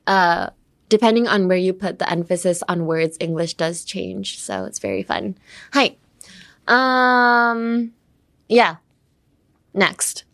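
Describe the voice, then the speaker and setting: A young woman from California, teaching English pronunciation in a bubbly way and switching between English and Japanese. She uses lots of "um" and "like" fillers. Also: lowish voice. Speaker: podcast English teacher and idol. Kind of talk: casual English pronunciation lesson.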